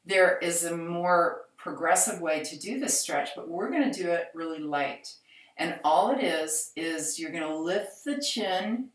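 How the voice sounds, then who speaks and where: A fitness instructor with a deep, low voice guides a seated chair-exercise class, offering calm, slow, reassuring cues. The mic sits at a distance, so she sounds set back, and the room gives her words a noticeable echo.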